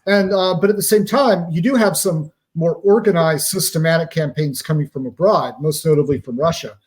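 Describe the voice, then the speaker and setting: A man with a Southern US accent, a former psychological operations soldier, answering interview questions in an animated way with pop-culture analogies. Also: fairly high pitch, normal speed. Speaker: guest, former psyop soldier.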